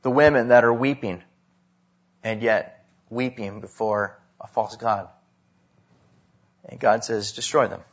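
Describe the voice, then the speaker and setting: A man preaching a sermon, swinging between loud emphasis and hushed drops. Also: lowish voice, fairly even intonation, slow pace, pauses often, husky, highs cut off. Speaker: pastor.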